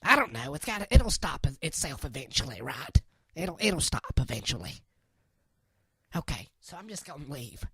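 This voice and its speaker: A woman voicing a flustered, easily riled church lady in a comedy sketch, fumbling with the equipment, cursing and then apologizing in a husky voice. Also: sits low, very animated, moderate pace, pushed and bright, dry recording, clean studio sound, exaggerated voice.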